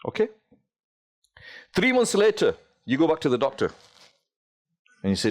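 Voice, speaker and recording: Animated male preacher telling a story. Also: fairly high pitch, normal speed, long pauses. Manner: storytelling with rhetorical questions, voice rising and dropping. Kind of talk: sermon.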